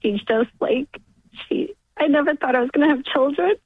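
A woman in her forties from New York, calling in on the phone and telling an emotional story, halting and laughing through tears. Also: high voice, no echo. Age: 40s. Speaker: caller. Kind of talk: emotional call-in testimony. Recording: tinny phone line, dry.

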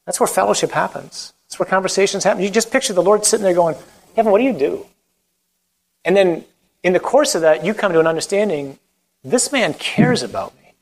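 A man's voice: high voice, creaky, rough recording. A Catholic priest giving a conversational talk on evangelization and leading a closing prayer, acting out quotes as he goes. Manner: animated, conversational preaching with acted-out quotes.

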